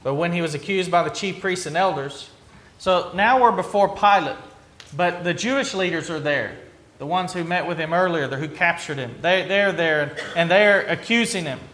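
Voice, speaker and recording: A man's voice: high-pitched, moderate pace, a bit bright. Earnest preacher man in an echoey room. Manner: earnest storytelling with frequent restarts. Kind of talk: sermon retelling a scripture passage.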